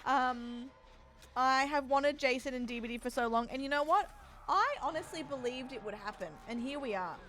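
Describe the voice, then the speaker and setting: A young woman streaming a game, chatty and excitable, breaking into frightened screams. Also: high voice, normal speed. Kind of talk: casual live-stream chat while gaming.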